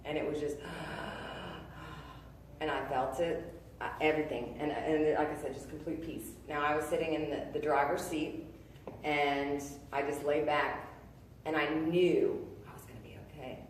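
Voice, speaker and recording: Low-voiced woman in an echoey room. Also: fairly even intonation, far from the mic, slight background noise. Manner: halting, earnest, many fillers and restarts. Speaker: testimony speaker. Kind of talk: personal testimony.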